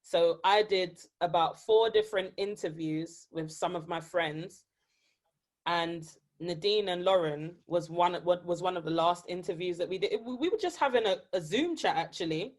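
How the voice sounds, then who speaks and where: A British woman hosting a podcast over a video call, excitable and laughing often. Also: on the low side, normal speed. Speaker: podcast host.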